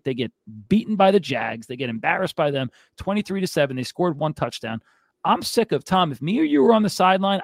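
A man's voice: on the high side, dry recording, studio quality. A man co-hosting a sports podcast, ranting in a fired-up, exasperated way. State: out of breath. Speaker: podcast co-host.

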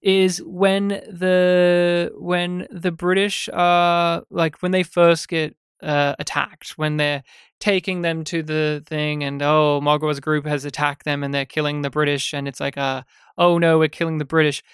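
A man co-hosting a podcast, casually reviewing a film with animated, sweary retellings of scenes. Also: on the high side, unhurried, clear, resonant tone, no echo, clean studio sound. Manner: animated, sweary, acts out scenes in quoted voices. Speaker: podcast co-host.

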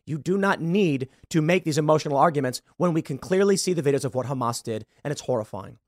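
A man's voice: fairly high pitch, lively intonation, fast, darkish tone, no echo, studio quality. A man hosting a podcast, giving heated, emphatic political commentary and stumbling over repeated words when worked up. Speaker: podcast host.

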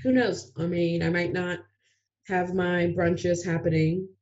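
A woman's voice: fairly low pitch, level tone, a little slow, darkish tone, highs cut off. A woman chatting as a podcast guest, giggly and rambling, often trailing off. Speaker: podcast guest, drag performer. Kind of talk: casual chat.

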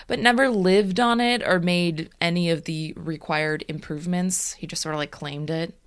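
Wry, low-voiced woman podcast host. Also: fairly even intonation, moderate pace, clean tone. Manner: casual, wry, with fillers. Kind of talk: narrating a story in casual chat.

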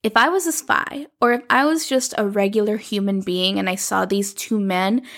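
Chatty woman recapping a story, gravelly edge. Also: mid-range voice, normal speed. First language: Spanish. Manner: chatty, animated, acts out characters' lines in quotes. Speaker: podcast host recapping a telenovela. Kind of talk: casual recap chat.

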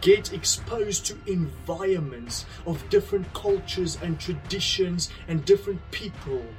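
A man's voice: high voice, a little slow, darkish tone, faint music behind. A man giving an earnest, conversational devotional talk, telling a parable and then drawing a lesson from it. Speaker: speaker sharing a devotional message.

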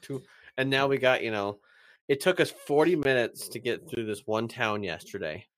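A man's voice: medium pitch, normal speed, a bit bright. A young man from Vermont co-hosting a podcast, playful and laughing often in casual chat.

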